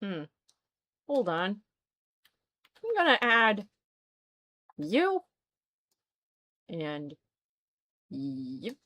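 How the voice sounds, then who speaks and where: A woman's voice: medium pitch, huge pitch swings, drawn-out words, long pauses, pushed and bright. A woman streaming a game, chatting casually and exclaiming as she plays. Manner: chatty, exclaims and reacts aloud. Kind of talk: casual let's-play chat.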